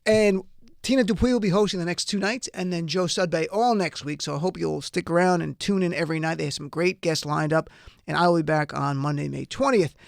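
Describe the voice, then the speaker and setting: Excitable high-voiced radio host, gravelly. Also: male voice, no room sound. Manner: fast, excitable, wry asides. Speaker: radio talk show host. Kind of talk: energetic radio talk show monologue. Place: radio studio. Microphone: studio microphone.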